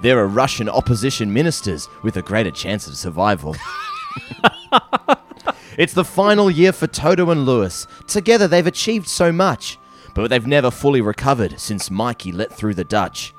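A man's voice: mid-range voice, expressive, moderate pace, faint music behind. A man co-hosting a comedy podcast, joking and reading a mock-earnest poem. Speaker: podcast co-host.

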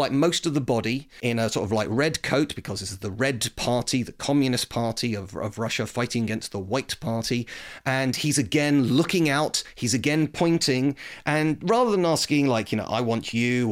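Man, mid-pitched voice, chatty history explainer, lots of fillers. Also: a little fast. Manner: rambling, full of fillers and restarts. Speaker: host. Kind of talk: casual history talk.

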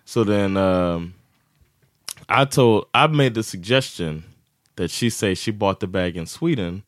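Low-voiced guy on a podcast, tells stories animated, laughs a lot, dry close mic. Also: unhurried, no echo. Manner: animated, laughing storyteller who acts out quotes. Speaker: podcast co-host. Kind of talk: casual chat, storytelling.

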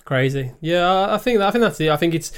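A man's voice: sits high, expressive, fast, smooth. A young man, co-host of a podcast, chatting casually in a matey way, often repeating words as he starts a sentence. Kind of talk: casual chat.

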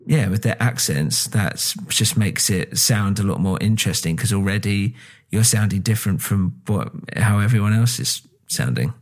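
British dude rambling on a podcast, lowish voice, lots of ums and swearing. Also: male voice, expressive, moderate pace, few pauses. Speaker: podcast co-host. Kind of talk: casual chat.

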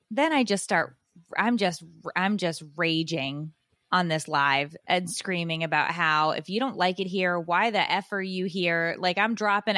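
A woman hosting a podcast, telling a story in frank, animated casual chat and acting out what people said. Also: lowish voice, no echo, studio quality. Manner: animated, acts out quotes, frank and profane. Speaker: podcast host.

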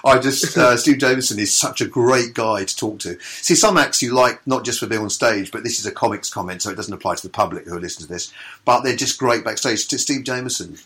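A man's voice: medium pitch, fairly quick, a bit bright. A man who promotes comedy, talking in a casual interview in an enthusiastic, rambling, hesitant way.

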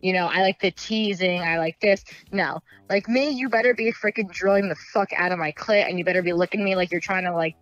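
A woman's voice: fairly low pitch, brisk, few pauses, lo-fi sound, faint music behind. A woman talking openly in a casual podcast chat, laughing often and acting out little quoted asides. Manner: frank, giggly, lots of fillers and acted asides.

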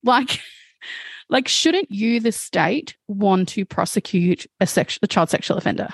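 A woman's voice: medium pitch, lively intonation, a little slow, creaky, slightly rough, dry recording. A woman speaking as a guest, telling a personal story candidly, with frequent fillers and some swearing. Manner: frank, swears, many fillers like "like" and "um".

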